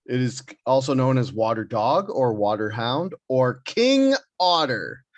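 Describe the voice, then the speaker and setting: A man's voice: medium pitch, sing-song, unhurried, dry recording. Casual male podcast host, jokey list reader, dry mic. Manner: joking, reads entries from a list. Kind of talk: casual chat.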